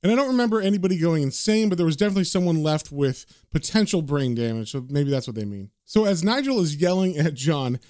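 A man's voice: a little high, animated, quick pace, few pauses, a little mellow, dry recording, clean studio sound. A man casually recapping and reading a comic aloud, with loose filler words. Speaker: comic book reader and recapper.

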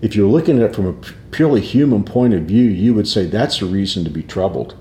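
A man's voice: lowish voice, expressive, fast talker, mellow, reverberant, slight background noise. A male pastor talking through a devotional topic in a reflective, conversational way, with restarts and small laughs.

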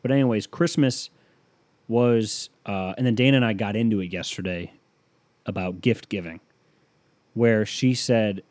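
Male podcast comic, sarcastic and profane, dark tone, dry mic. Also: on the low side, unhurried, pauses often, dry recording. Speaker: podcast host. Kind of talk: comedic monologue.

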